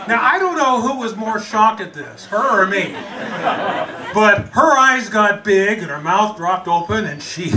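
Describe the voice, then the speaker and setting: An American man telling a comic story about himself, animated and self-mocking, laughing as he goes. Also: sits high, moderate pace, recorded from a distance, a little hiss or hum, rough recording. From United States.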